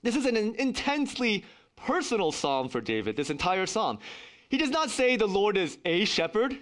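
A man's voice: high voice, very animated, moderate pace, a bit bright. A middle-aged man preaching a sermon as pastor, earnest and emphatic, with wry asides.

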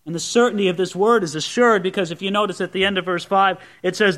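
A man's voice: sits high, steady tone, quick pace, fairly bright tone. A man preaching a sermon, teaching through a Bible passage verse by verse with conversational asides to the congregation. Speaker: pastor.

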